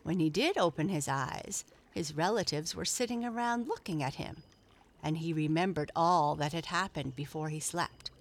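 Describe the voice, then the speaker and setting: A woman narrating a children's storybook in a gentle, measured reading. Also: sits low, slight background noise.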